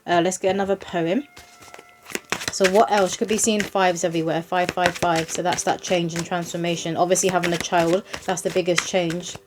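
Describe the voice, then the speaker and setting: A woman's voice: fairly low pitch, level tone, normal speed, background noise. A woman giving a chatty, reassuring tarot reading and speaking straight to the viewer. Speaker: psychic medium doing a tarot reading. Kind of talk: casual spoken tarot reading.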